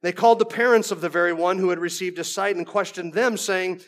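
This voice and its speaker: High-voiced man preaching verse by verse. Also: steady tone, fairly quick, few pauses. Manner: conversational, with folksy asides and frequent restarts. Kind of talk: expository sermon, verse by verse.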